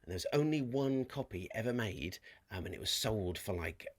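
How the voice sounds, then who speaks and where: A man's voice: on the low side, animated, normal speed, no echo. A man co-hosting a podcast, telling a rambling story in casual chat and laughing often. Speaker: podcast co-host.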